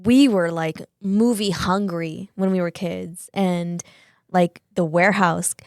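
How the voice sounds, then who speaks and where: A woman's voice: lowish voice, fairly even intonation, slow pace, no echo, studio quality. A woman in her forties from Southern California chatting casually on a podcast, rambling with many fillers and some swearing.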